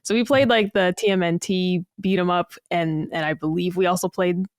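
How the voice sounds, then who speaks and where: A woman's voice: on the low side, steady tone, normal speed, dry recording. A woman co-hosting a gaming podcast in casual, rambling chat, laughing often. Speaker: podcast co-host.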